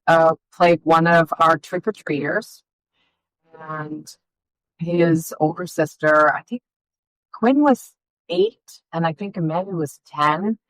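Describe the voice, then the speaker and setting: A woman's voice: on the low side, no room sound, poor audio. A middle-aged woman, a filmmaker guest, telling rambling family stories in a casual interview. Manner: rambling, animated storytelling with fillers.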